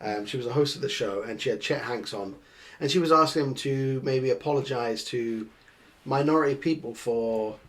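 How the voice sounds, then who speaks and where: A man's voice: medium pitch, normal speed, few pauses. A man hosting a podcast in casual chat, sweary and opinionated. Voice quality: sweary, opinionated, laughs a lot. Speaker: podcast host.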